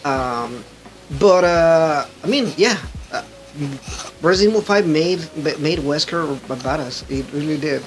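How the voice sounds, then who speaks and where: A man hosting a podcast, chatting casually about video games in an excitable, rambling way with lots of restarts. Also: fairly high pitch, a little slow, poor audio. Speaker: podcast host. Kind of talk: casual gaming chat.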